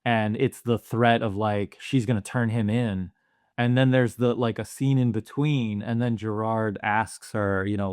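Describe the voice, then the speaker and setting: A man's voice: lowish voice, fairly even intonation, unhurried, a little mellow, clear, resonant tone, dry recording, clean studio sound. A man co-hosting a movie podcast, talking earnestly and thinking aloud with plenty of fillers. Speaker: podcast co-host. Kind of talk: casual movie discussion.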